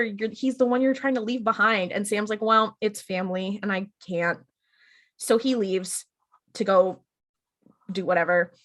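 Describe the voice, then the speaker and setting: A woman co-hosting a podcast, chatting through an episode recap and quickly acting out the characters' lines. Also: medium pitch, a bit bright. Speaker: podcast co-host.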